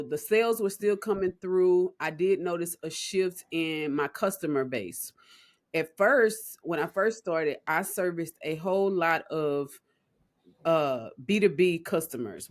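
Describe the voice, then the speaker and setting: A woman guest on a podcast speaking earnestly and reflectively about her business. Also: lowish voice. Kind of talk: conversational interview.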